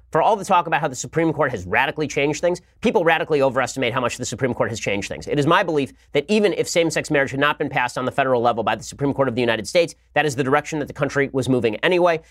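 Male podcast host, rapid-fire, combative and sarcastic, commentary monologue. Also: medium pitch, a bit bright, no room sound, studio quality.

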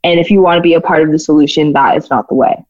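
A woman's voice: low voice, steady tone, quick pace, no room sound. A young woman guest in a casual podcast chat, speaking firmly and emphatically. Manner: emphatic, firm, plain-spoken. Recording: dull lo-fi sound.

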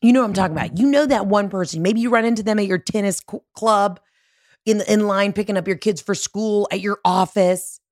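A woman's voice: mid-range voice, fairly quick, a little mellow, no echo, studio quality. A woman hosting a podcast in a casual, comedic monologue that is profane, rambling and sarcastic. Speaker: podcast host.

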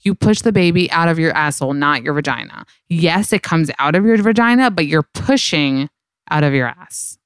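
A young woman tells her story on a podcast in a smooth, slightly low voice. She talks candidly and swears freely, peppering her speech with fillers. The sound is close and dry. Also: animated, moderate pace, dry recording. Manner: candid, profane, lots of "like". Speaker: podcast host. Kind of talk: casual storytelling chat.

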